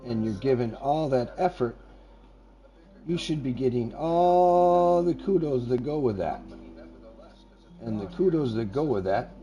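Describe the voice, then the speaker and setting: An older man who calls himself a grandpa chats on a gaming live stream in a folksy, rambling, earnest way, occasionally breaking into radio-announcer patter. His voice is mid-range and warm.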